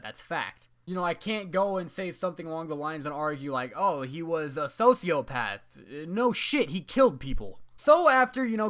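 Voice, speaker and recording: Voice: mid-range voice, a bit bright. A young adult student ranting to the camera in a vlog, exasperated and profane, with constant "you know" fillers. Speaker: student venting about a graded paper.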